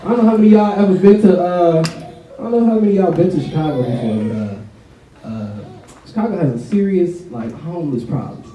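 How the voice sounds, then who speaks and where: A man's voice: high-pitched, animated, fast talker, muffled recording, noisy background. A young man from Canada doing a loose, conversational stand-up set in a large college hall, laughing at his own jokes. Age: young adult. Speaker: stand-up comedian. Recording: echoey hall, mic picked up from far off, loud crowd.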